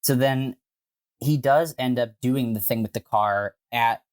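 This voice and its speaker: A man co-hosting a podcast, telling a story in a casual, animated way with frequent swearing and filler words. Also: medium pitch, unhurried. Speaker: podcast co-host.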